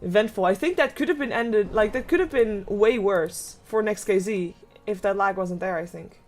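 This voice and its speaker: A young woman casting a live esports match, giving quick, excitable play-by-play and laughing along. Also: medium pitch, faint music behind. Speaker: esports caster. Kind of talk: live game commentary.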